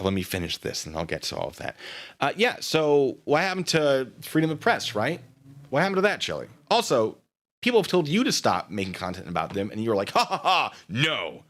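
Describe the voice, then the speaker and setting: A man with a fairly low voice hosts a livestream commentary. His pitch jumps around with lively swings. His tone is sarcastic and mocking as he reads out and answers messages. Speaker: livestream host.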